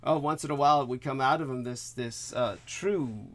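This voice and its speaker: A man hosting an online talk show, chatting in a loose, rambling way. His voice sits at an ordinary middle pitch. He stops and restarts often and fills gaps with "uh" and "you know". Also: brisk. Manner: rambling, many fillers and restarts. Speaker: host. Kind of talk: casual talk-show chat.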